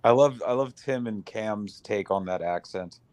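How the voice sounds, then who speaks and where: A man's voice: lowish voice, unhurried, a little mellow, dry recording. A man on a casual podcast panel, teasing and laughing along with the hosts.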